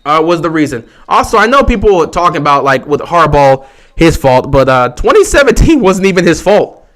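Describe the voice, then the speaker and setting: A man with a slightly higher-than-average voice hosts a casual fan livestream about football. He argues his opinions emphatically and repeats points to drive them home. Between his arguments he answers questions from viewers. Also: sing-song, a little fast, fairly bright tone. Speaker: livestream host.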